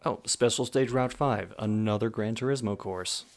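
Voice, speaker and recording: A man's voice: lowish voice, moderate pace. A man streaming a racing game, chatting casually with dry, grumbling remarks as he plays. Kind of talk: casual live-stream chat. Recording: game music behind the voice. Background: loud game music and engine sounds.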